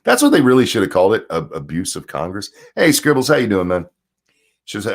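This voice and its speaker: Male streamer, lowish animated voice, sarcastic, profane, rambling delivery. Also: brisk, gravelly. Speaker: political commentary streamer. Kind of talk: casual livestream rant.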